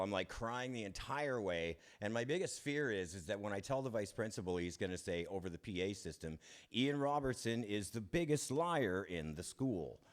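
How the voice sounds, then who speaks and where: A man giving a candid, self-deprecating personal testimony, chuckling often and restarting his sentences. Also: sits low. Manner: halting restarts. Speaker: speaker sharing his recovery story.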